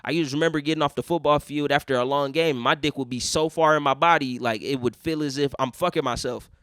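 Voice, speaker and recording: A man's voice: on the high side, fast, dry recording, studio quality. Profane young man telling a story. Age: young adult. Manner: profane, animated, acts out other people in quotes. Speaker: podcast host. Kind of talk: casual storytelling.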